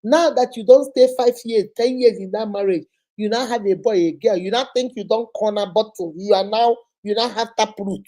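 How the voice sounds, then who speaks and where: A middle-aged Nigerian woman hosting a relationship advice talk, telling stories with lively, acted-out quotes. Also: mid-range voice, normal speed. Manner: lively storytelling, acts out quoted voices, frequent laughter. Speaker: host answering relationship questions. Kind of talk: animated casual advice talk.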